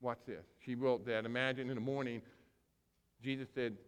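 A man preaching a sermon as pastor, telling a story with animated acting-out of characters and big swings between loud and soft. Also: mid-range voice, a little fast, smooth. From grew up on a small farm. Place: church sanctuary. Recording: long hall reverb.

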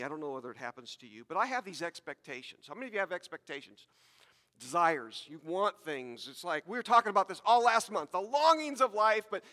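A man's voice: fairly high pitch, pushed and bright, long reverb tail. A man preaching a sermon to his congregation, talking conversationally with repeated words and asides. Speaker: pastor.

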